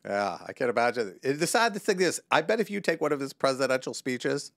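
A man's voice: mid-range voice, big pitch swings, fairly quick, no echo, studio quality. A man, an attorney co-hosting a podcast, talking in blunt, joking, emphatic banter.

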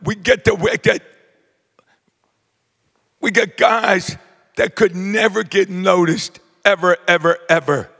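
An older man, giving a rowdy acceptance speech full of brash shouted jokes. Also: sits high, fairly even intonation, takes it slowly, vocal fry, pauses often, in a large hall. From New Jersey. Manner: boisterous, shouting, brash joking. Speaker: hall of fame inductee.

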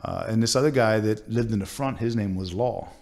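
Sitting down for an interview, a male tattoo artist earnestly recounts a personal story, halting and restarting with lots of fillers. His voice is lowish and a little mellow.

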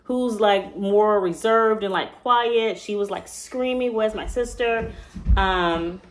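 A woman's voice: medium pitch, takes it slowly. A woman telling a personal story as a mother, in a casual, emotional, rambling way with many fillers and restarts.

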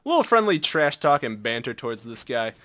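A young man giving casual live commentary over his own game, excitable and self-mocking, dropping to mutters and jumping to yelps. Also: mid-range voice, brisk, no room sound. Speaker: gameplay commentator.

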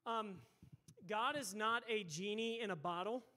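A male pastor preaching a sermon, energetic and emphatic, firing off rhetorical questions at his congregation. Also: high voice, measured pace. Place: church sanctuary.

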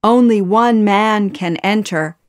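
A woman's voice: mid-range voice, slow pace, clean tone, no room sound, clean studio sound, voice pushed up, natural voice. A woman voicing an ancient talking cave in a storybook reading, solemn and declaring.

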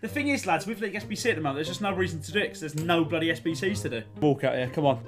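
High-voiced English lad ranting at a game. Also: male voice, very fast, soft background music. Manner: swearing, excitable, swings between ranting and cheering. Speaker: streamer. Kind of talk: live game commentary to chat.

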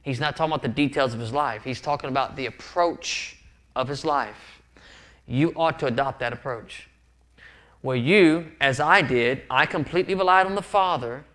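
A man's voice: mid-range voice, normal speed, fairly bright tone. Earnest male pastor preaching. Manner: earnest, repeats words when emphatic. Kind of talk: sermon. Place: church sanctuary.

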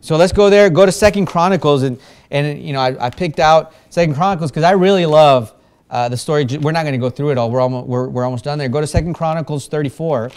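A man's voice: a little high, quick pace, a little mellow, clean tone. A man preaching to a church congregation in a conversational way, with frequent fillers and restarts. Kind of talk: informal sermon.

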